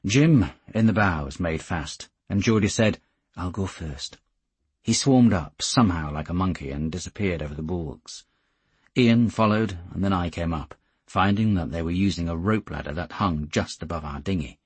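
Male audiobook narrator, steady and measured, deep and very husky. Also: no echo.

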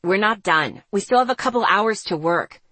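An irritable young man who snaps and demands answers, as a woman reads him in a story. His tone is sharp and impatient. The recording is dry and close. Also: medium pitch, expressive, moderate pace, no echo. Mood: irritated. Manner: snappish, demanding.

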